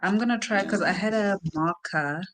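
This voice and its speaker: A South African woman chatting casually on a live reading stream, retelling a book plot with animated asides. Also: medium pitch, moderate pace, a little hiss or hum. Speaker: reading sprint host. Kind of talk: casual chat.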